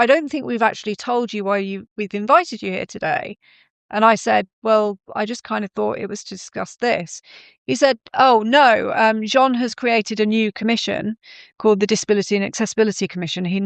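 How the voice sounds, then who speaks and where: A woman's voice: mid-range voice, creaky, clear, resonant tone, no echo. A woman in her thirties, a podcast guest, telling her story in a conversational way with frequent ums and self-corrections.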